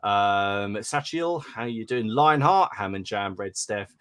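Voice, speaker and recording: A man's voice: lowish voice, expressive, slow pace, a bit bright, slight background noise. A man from England hosting a hobby podcast in casual chat, reading out listener names and laughing often. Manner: chatty, laughs often, stumbles over names. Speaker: podcast host.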